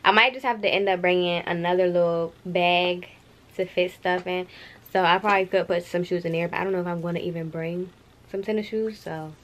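A woman's voice: on the low side, fairly even intonation, brisk, a bit bright. A young woman talking casually to her camera on a tripod while she packs, playful, laughing and using slang. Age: young adult. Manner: chatty, playful, laughing often, uses slang. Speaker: vlogger. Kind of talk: casual vlog chat to camera. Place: bedroom while packing, indoors.

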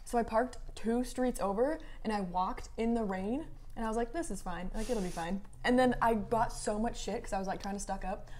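Mellow-voiced young woman telling stories. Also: fairly high pitch, steady tone, fairly quick, few pauses. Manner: laid-back, swearing, laughing storytelling. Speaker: co-host. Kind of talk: casual chat while eating.

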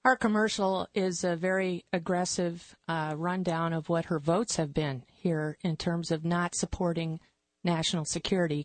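A woman, a political candidate, answering a radio interview in the studio in a measured, on-message way. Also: on the low side, no echo. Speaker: congressional candidate guest.

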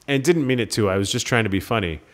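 A man's voice: on the low side, fast, a little hiss or hum. A man from Minnesota co-hosting a podcast, telling stories in casual chat and acting out the dialogue. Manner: animated storyteller, acts out quoted dialogue. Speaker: podcast co-host.

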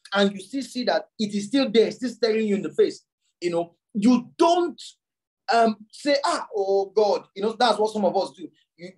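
A man's voice: darkish tone, poor audio. Man preaching a teaching sermon. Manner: repeats words while explaining, with sudden jumps in pitch; reads scripture aloud in a slow, raised voice. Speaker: pastor.

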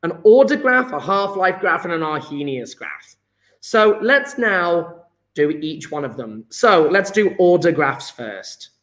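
Chatty male teacher, high voice. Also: big pitch swings, unhurried, fairly bright tone. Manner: chatty, encouraging, quizzes students by name. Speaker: chemistry teacher. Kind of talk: live online lesson. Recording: echoey room.

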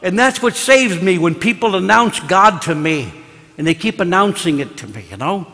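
A man who is a priest, preaching a parish mission sermon in an animated, storytelling way, acting out the people he quotes. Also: high-pitched, moderate pace. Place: church. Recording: echoey church broadcast.

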